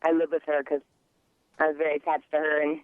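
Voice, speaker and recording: A woman calling in to a radio show, speaking in a scattered, halting way with many restarts. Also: low voice, monotone, smooth, no echo. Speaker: caller. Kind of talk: call-in radio conversation. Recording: tinny dry phone line.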